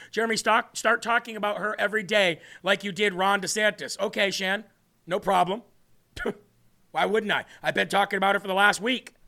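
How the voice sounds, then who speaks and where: A man's voice: high-pitched, vocal fry, bright, forceful tone. A man hosting a political livestream, talking in a brash, mocking way and reading out viewer comments. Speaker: livestream show host.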